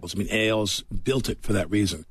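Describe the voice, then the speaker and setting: A man's voice: lowish voice, moderate pace, a bit bright, slightly rough, no echo. A man speaking in a casual interview clip, stammering and repeating words as he rambles. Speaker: interview guest.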